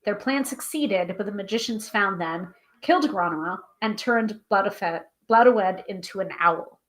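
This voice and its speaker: A woman hosting a live tarot stream, chatting casually and reading aloud from a guidebook, self-deprecating and a little halting over hard names. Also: mid-range voice. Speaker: tarot reader and livestream host.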